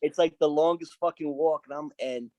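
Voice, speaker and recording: A man's voice: on the high side, fairly even intonation, moderate pace, a little mellow, no room sound. Profane, storytelling biker man. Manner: profane, vivid storyteller who acts out quoted dialogue. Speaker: biker club sergeant at arms, podcast guest. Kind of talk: storytelling in a casual interview.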